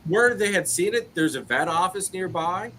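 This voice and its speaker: A man in casual live-stream chat, telling stories in an animated way. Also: high voice, normal speed, slight background noise. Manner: animated storyteller.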